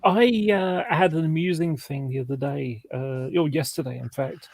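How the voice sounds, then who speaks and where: A man's voice: a little high, normal speed, creaky, no echo. A man telling a rambling story in casual chat, correcting himself as he goes.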